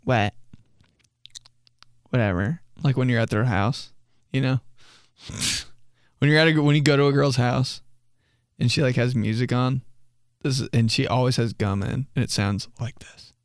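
A man's voice: medium pitch, normal speed, pauses often, no room sound, studio quality. A young man hosting a comedy podcast, telling stories casually, swearing and laughing at his own jokes. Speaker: podcast host.

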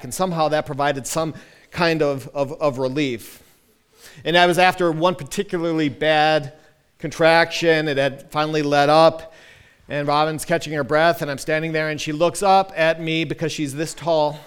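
Smooth-voiced pastor telling a story. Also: male voice, on the high side. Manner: animated, self-deprecating storyteller with many restarts. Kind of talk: sermon storytelling.

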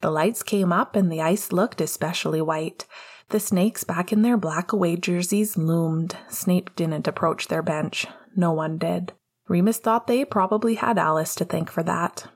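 Woman narrator, audiobook, steady storytelling, lowish voice. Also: a little slow, breathy edge. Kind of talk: audiobook narration of fan fiction.

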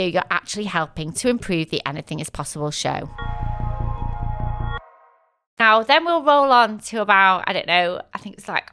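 English woman in her thirties, solo podcast host, crisp and clear, loose storytelling with fillers. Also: mid-range voice, bright, forceful tone. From England. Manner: chatty and candid, many fillers and asides.

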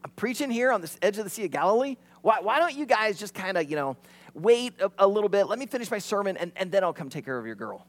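A high, loud, exasperated Jesus figure who scolds and shrugs people off, as a preacher acts him out in a sermon. The voice jumps around a lot, dismissive and put out. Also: male voice, very animated, fast talker. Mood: breezy brush-off. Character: impatient, dismissive male Jesus, imagined.

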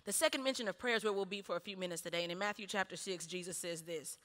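A woman preaching a sermon, animated, with punchy repeated refrains and laughing between lines. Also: fairly low pitch, rapid-fire. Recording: long hall reverb.

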